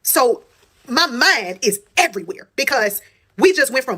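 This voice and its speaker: A woman's voice: sits high, sing-song, normal speed, pushed and bright. A woman telling a personal story in casual storytime style. She talks straight to her viewers, swears freely and repeats phrases for emphasis.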